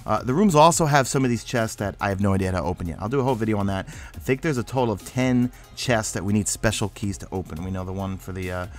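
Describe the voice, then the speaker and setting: A young gaming YouTuber with a New York accent narrates a game walkthrough in a fairly low voice, talking fast over soft background music. He sounds sleepy yet energetic, rambling and poking fun at himself.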